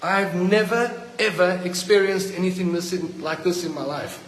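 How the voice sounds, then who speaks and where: An indignant man rants bluntly into a handheld phone, his voice sitting a little high. He is recorded inside a hospital ward where the sound rings and lingers in a long, hollow reverb, and faint noise stays underneath. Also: normal speed. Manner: indignant, blunt, repeating himself when worked up. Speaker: hospital patient. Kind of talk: angry phone-video rant. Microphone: phone held by the speaker.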